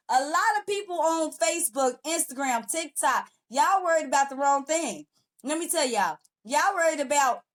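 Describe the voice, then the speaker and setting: A woman hosting her own podcast, talking straight to her audience in a sassy, preachy way. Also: high voice. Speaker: podcast host and motivational coach. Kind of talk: casual direct-to-camera podcast intro.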